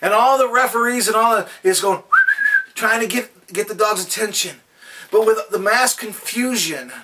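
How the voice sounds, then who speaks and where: A man's voice: sits high, bright, forceful tone, distant mic, a little hiss or hum. A man giving a daily devotional talk and telling folksy stories. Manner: folksy anecdotal storytelling. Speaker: devotional speaker.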